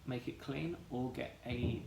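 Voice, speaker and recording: Man teacher doing phonics real slow, sounding out each letter, kinda echoey room with faint hiss. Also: mid-range voice, gravelly, warm tone. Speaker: primary school teacher. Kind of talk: phonics lesson for children.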